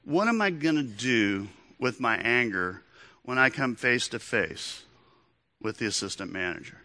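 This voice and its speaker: A man, a pastor, giving a sermon and telling a personal story in an animated, humorous way. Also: mid-range voice, measured pace.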